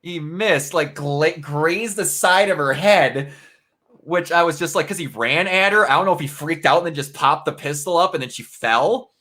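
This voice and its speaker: Young male reviewer, bright forceful tone, animated storyteller in casual chat. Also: a little high, normal speed. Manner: animated storytelling, acts out scenes with quotes. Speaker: game reviewer.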